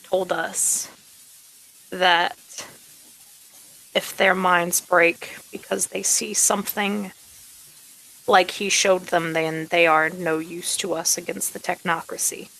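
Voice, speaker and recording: A woman voicing a guarded woman in a tabletop game, speaking slowly and deliberately in her own voice. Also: fairly low pitch, little pitch movement, fairly bright tone, low-quality recording. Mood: grave. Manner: slow, deliberate and measured.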